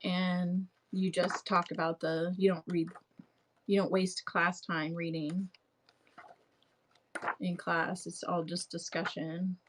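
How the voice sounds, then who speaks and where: Slow, rambling young woman host. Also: lowish voice, flat delivery, noisy background. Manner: rambling, full of fillers and restarts. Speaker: live-stream host. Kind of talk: casual live-stream chat.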